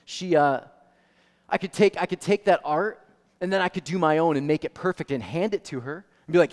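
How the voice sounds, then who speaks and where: A male pastor preaching a sermon, animated storytelling that swings from soft to loud. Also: on the high side, a little fast. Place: church sanctuary. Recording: long reverb of a church hall.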